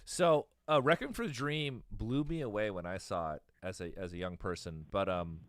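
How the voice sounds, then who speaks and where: A man's voice: on the low side, no echo, clean studio sound. A man in his thirties in casual chat as a podcast host, rambling, swearing and laughing easily. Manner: rambling, profane, quick to laugh.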